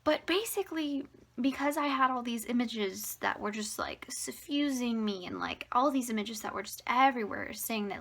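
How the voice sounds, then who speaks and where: A woman in her twenties vlogging casually at home, rambling and hesitant, slipping into a breathy half-whisper and a little out of breath. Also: on the high side, animated, moderate pace, fairly bright tone. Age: 20s. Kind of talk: casual personal vlog. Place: at home near the fridge, indoors.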